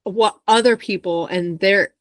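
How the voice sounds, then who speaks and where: A woman's voice: mid-range voice, measured pace, dry recording, clean studio sound. A woman hosting a podcast, talking reflectively and thinking aloud with restarts. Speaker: podcast host. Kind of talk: casual chat.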